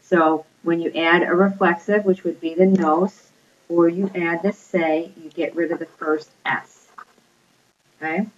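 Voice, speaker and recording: A woman's voice: lowish voice, steady tone, measured pace, a little hiss or hum. A woman teaching a Spanish grammar lesson, explaining patiently step by step and checking in with her students. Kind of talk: recorded classroom lecture. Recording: dull lo-fi recording.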